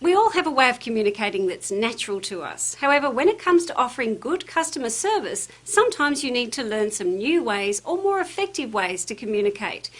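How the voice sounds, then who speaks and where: Lively, expressive woman narrating training. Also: a little high, fairly quick, hardly any pauses. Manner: lively, emphatic delivery when quoting phrases. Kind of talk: scripted instructional narration.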